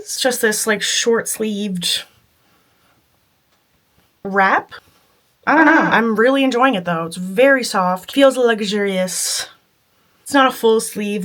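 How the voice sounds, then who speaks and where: A woman's voice: medium pitch, fairly bright tone. A woman at her makeup table chatting casually through a makeup tutorial, self-deprecating and laughing often. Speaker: beauty vlogger.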